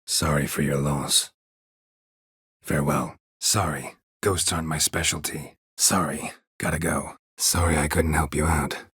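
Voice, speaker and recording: An actor voicing a gruff, terse middle-aged male monster hunter in a video game, speaking in short, flat, clipped lines. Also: a little slow, dry recording, full character voice. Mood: curt. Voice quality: very husky, low gravelly voice. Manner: clipped, flat, laconic delivery. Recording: dry studio booth.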